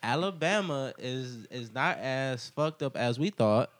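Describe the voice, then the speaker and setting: A man's voice: medium pitch, expressive, measured pace, noisy background. A young man hosting a casual podcast chat, telling rambling stories full of filler words. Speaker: podcast host.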